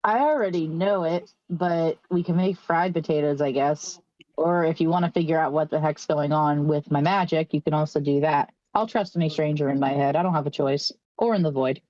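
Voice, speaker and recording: A woman with a lowish voice plays her character in a tabletop game, laughing often and joking at her own expense. The recording is dry and muffled, like a cheap microphone. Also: fairly quick, dark tone, no room sound. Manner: laughs often, self-mocking. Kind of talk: in-character role-play chat.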